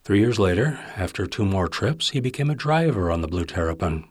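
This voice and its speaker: A man reads literary fiction aloud with a wry, intimate touch. His voice sits low and carries a husky grain. The recording is dry, with no room sound. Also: sing-song, a little fast, no room sound. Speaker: narrator. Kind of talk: audiobook narration of literary fiction.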